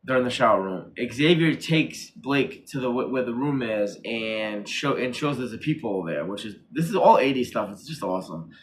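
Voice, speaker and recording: A man's voice: mid-range voice, lively intonation, moderate pace, hardly any pauses. A man co-hosting a casual horror review chat, rambling and repeating himself as he acts out quotes from the show. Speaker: podcast co-host.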